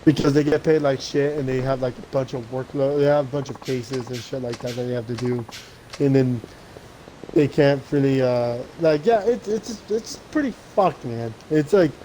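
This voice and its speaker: A man's voice: mid-range voice, normal speed, warm tone, a little hiss or hum, poor audio. A young man streaming, chatting casually as he games, rambling with lots of swearing and restarts. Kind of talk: casual gaming chat.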